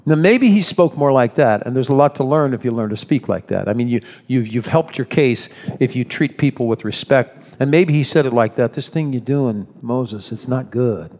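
A man's voice: medium pitch, expressive, fairly quick, few pauses, a little mellow. A man preaching a sermon in a conversational way, often restarting his phrases and acting out voices. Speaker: pastor. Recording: long hall reverb.

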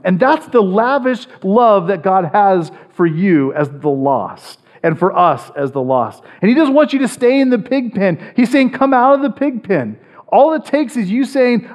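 A man preaching a sermon as pastor, animated, swinging between loud emphatic lines and low quiet asides, often checking in with "right?". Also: normal speed, highs cut off.

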